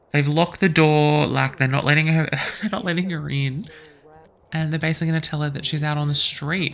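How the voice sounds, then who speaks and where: A young man chatting excitedly through a life-sim game as host, gossiping about the drama. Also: a little high, creaky. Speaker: let's play host. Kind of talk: gameplay commentary.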